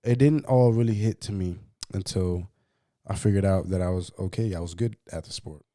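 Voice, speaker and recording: A man co-hosting a podcast, telling a personal story in a casual, profane, animated way and acting out what others said. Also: low-pitched, normal speed, no echo, clean studio sound. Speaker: podcast co-host.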